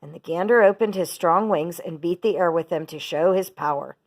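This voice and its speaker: A teacher reading a children's book aloud, steady and expressive. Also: female voice, fairly low pitch, moderate pace.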